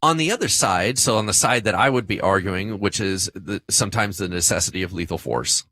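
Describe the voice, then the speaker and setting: A man, a pastor co-hosting a podcast, telling a story about himself in a lively, self-deprecating way. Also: sits low, a little fast, no echo. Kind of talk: casual podcast discussion.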